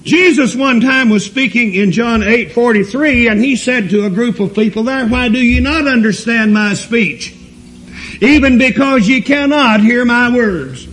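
Man preaching a sermon, really high voice, reads out bible verses n throws questions at the congregation. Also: measured pace, fairly bright tone, low-quality recording. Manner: reads scripture aloud, asks the listeners rhetorical questions.

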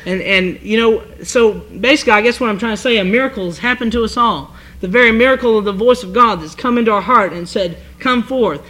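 A male preacher reads scripture and then works through its meaning in earnest, halting speech, restarting his sentences as he goes. His voice sits high and bright, with a crisp, forward edge. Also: rough recording. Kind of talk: sermon reading scripture and expounding.

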